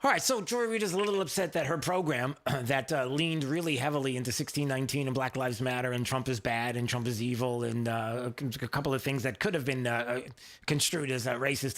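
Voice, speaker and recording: A man hosting a talk radio show, giving opinionated commentary in a mocking tone, often halting with fillers. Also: medium pitch, fairly bright tone.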